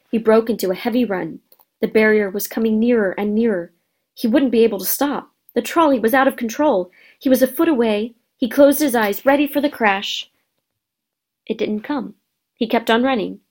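A woman narrating a storybook in a steady, expressive reading voice. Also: fairly high pitch.

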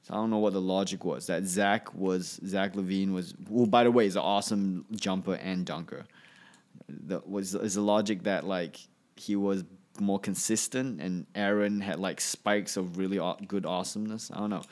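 His voice sits low and has a darkish tone, held steady at a moderate pace. Alone on his podcast, the comedian drifts from point to point, often abandoning sentences and restarting them.

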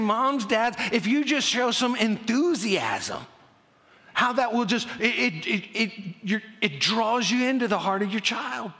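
A man preaching a sermon as pastor, energetic and animated, often stammering and restarting his words. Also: very high-pitched. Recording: long hall reverb.

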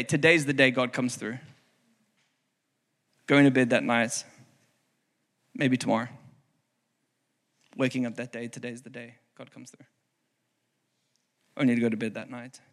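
A man in his thirties from South Africa, preaching a sermon with animated storytelling, acting out voices and bursting into shouts. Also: mid-range voice. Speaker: pastor. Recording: hall reverb with music behind.

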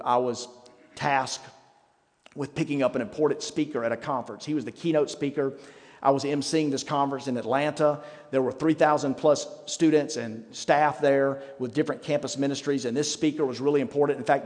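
Middle-aged man preaching in a church hall. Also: medium pitch. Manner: conversational and self-mocking, with dramatic pauses. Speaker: pastor. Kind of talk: sermon. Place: church sanctuary. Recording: reverberant church hall with faint music.

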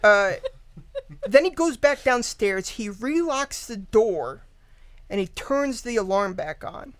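A woman's voice: a little high, expressive, slow, no room sound. A woman guest casually retelling a true-crime story, rambling with lots of fillers, laughing and swearing. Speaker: podcast guest.

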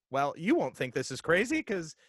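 A man in his thirties telling a ghost story in casual chat, animated and halting, with lots of fillers and restarts. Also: fairly high pitch, breathy edge, dry recording.

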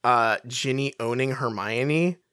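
A podcast co-host in casual book-discussion chat, wry and animated, often restarting sentences. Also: medium pitch, takes it slowly, smooth, dry recording, studio quality.

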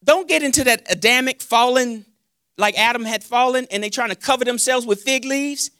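A man preaching a sermon as pastor, animated and playful, acting out his talks with God and joking with the congregation on a handheld mic. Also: extremely high pitch, normal speed, smooth, dry recording, clean studio sound.

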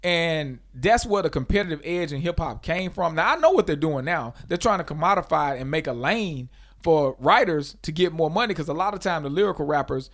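A man with a fairly high speaking voice chats on a podcast. He tells stories with lively energy, and his voice jumps up and gets louder when he is excited. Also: fairly quick. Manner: animated storyteller, swings loud and high when worked up. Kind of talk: casual chat.

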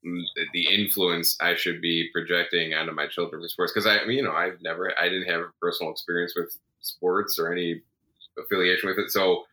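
A man's voice: low-pitched, level tone, fairly quick, sharp tone, low-quality recording. A man in his thirties co-hosting a casual podcast, talking about his kids in a rambling, tired way. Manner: rambling, self-correcting, tired. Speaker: podcast co-host. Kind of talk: casual chat.

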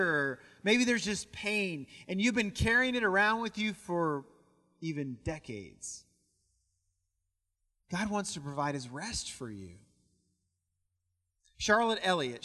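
A man with a rather high voice preaches a sermon, telling stories and often doubling words as he goes. His voice rings out with a long reverb from a church sanctuary. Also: pushed and bright. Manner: storytelling, repeats words as he goes. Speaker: pastor.

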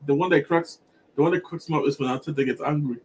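A man chatting casually on a live stream, rambling and animated, laughing now and then. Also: a little high, quick pace, slight background noise.

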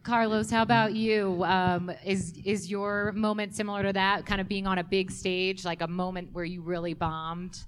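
A woman moderator opens a panel with clear, upbeat introductions. Her voice sits in a middle pitch range. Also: level tone, normal speed, hardly any pauses, slight background noise. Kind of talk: hosting a panel.

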